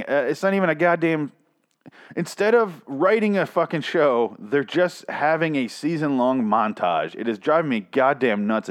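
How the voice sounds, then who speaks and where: A man hosting a podcast, ranting in a casual, sarcastic review full of swearing. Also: medium pitch. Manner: profane, sarcastic, frustrated. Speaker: podcast host.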